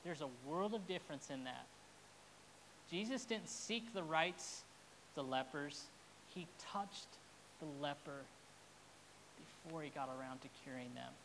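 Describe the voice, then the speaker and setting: A woman's voice: sits low, unhurried, long pauses, a bit bright, a little hiss or hum. A woman pastor preaching a sermon in an earnest, heartfelt way, at times openly emotional.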